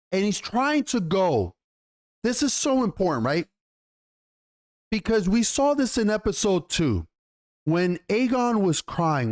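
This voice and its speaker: A man giving a casual, excited review of a TV episode, rambling and swearing casually as he goes. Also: high-pitched. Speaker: TV show reviewer.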